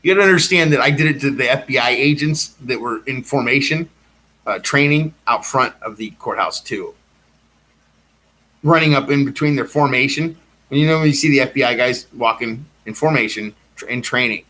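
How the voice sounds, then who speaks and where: A man's voice: mid-range voice, moderate pace, bright, forceful tone. A man with an ordinary mid-range voice talks in a long rambling monologue. He is insistent and keeps circling back to the same points. His delivery stays driven and repetitive.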